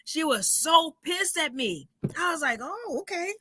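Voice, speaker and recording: A woman comedian telling stories in a casual chat, animated and salty, acting out the people in them. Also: extremely high pitch, measured pace, a little hiss or hum. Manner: animated storyteller, acts out voices, swears freely.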